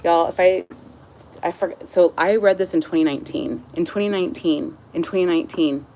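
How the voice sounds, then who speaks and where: A woman's voice: on the low side, a little fast, dark tone, slight background noise, rough recording. A woman reading her own book aloud outdoors into a phone, emotional and close to tears, with personal asides. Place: outdoors in the sun.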